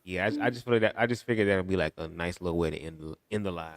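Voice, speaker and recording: A man's voice: sits low, rapid-fire. Playful man riffing on a panel. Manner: playful, jokes and riffs on the clips. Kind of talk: casual panel chat.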